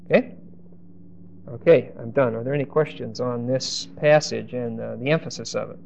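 A man teaching a Bible study class, stressing key words by slowing down and often hesitating or restarting phrases. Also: mid-range voice, gravelly, a little mellow, a little hiss or hum. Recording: dull lo-fi recording.

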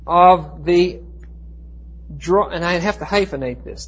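A man teaching a Bible class, explaining Greek words with emphatic, slowed stress and frequent restarts. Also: a little high, breathy edge. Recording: dull lo-fi recording.

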